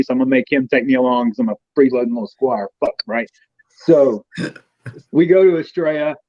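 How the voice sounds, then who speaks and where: A man with a high, lively voice, spinning a crude, playful story full of swearing. The sound is dull and lo-fi, and very dry. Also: no echo. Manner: animated, swearing freely, playful. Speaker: guest knight. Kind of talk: profane comic storytelling.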